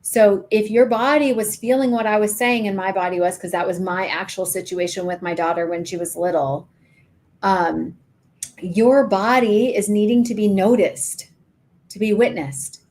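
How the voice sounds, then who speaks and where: A woman's voice: mid-range voice, normal speed, a little mellow. Middle-aged woman guiding an imagery exercise. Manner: storytelling, acts out voices in the story. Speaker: podcast co-host. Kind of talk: guided imagery exercise in casual chat.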